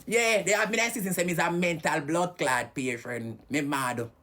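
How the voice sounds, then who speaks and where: A woman's voice: lowish voice, big pitch swings, moderate pace, fairly bright tone. A Jamaican woman ranting heatedly and cursing on a live stream.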